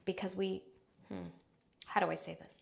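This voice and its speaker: A female voice and speaking coach gives a live online lesson, her voice swinging widely in pitch with vocal fry at a normal speed. She demonstrates speaking habits through exaggerated examples, shifting pitch and volume to show them.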